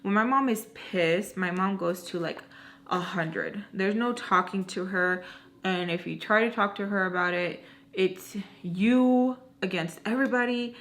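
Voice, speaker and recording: Storytime vlogger, woman with a mid-range voice, chatty and animated. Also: mid-range voice, measured pace. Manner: animated, acts out quoted dialogue; rambling, self-correcting asides. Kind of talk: casual storytime retelling.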